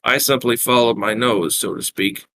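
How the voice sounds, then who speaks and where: A man's voice: mid-range voice, normal speed, bright, forceful tone, a little hiss or hum. A man reading his own wry first-person fiction aloud, with small self-corrections. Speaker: writer reading his work.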